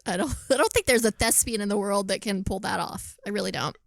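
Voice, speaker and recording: A woman co-hosting a podcast, chatting casually about a film, animated, laughing often and swearing freely. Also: medium pitch, quick pace, vocal fry, dry recording. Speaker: podcast co-host. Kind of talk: casual film review chat.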